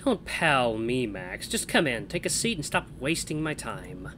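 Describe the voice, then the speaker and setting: A man's voice: mid-range voice, very animated, measured pace, a bit bright, slight background noise. A man voicing a grumpy, impatient male scientist who speaks curtly and dismissively. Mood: irritated. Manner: curt and dismissive.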